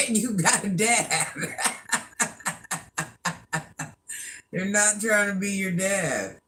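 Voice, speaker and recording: Woman, 50s, livestream host; slow, chatty storyteller with a bright, forceful voice. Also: mid-range voice, a little hiss or hum. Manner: chatty storyteller, laughs at herself. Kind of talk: casual livestream chat.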